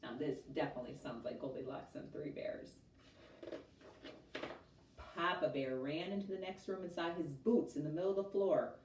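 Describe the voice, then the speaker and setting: A woman teacher reading a storybook aloud to a class, expressive and chatty, adding asides to her listeners. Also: deep voice, normal speed, background noise. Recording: roomy, mic at a distance.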